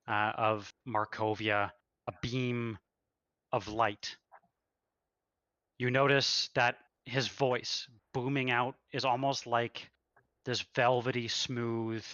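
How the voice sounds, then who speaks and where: Male dungeon master, slow halting narration, bright tone, muffled lo-fi sound. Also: mid-range voice, no echo. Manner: halting, searches for words. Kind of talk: narrating a tabletop game.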